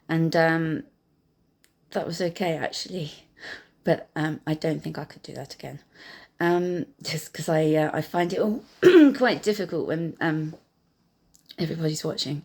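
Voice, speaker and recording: A woman and piano teacher gently recalling her own learning, talking hesitantly with many pauses and fillers. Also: sits low. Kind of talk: reflective personal storytelling. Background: piano music.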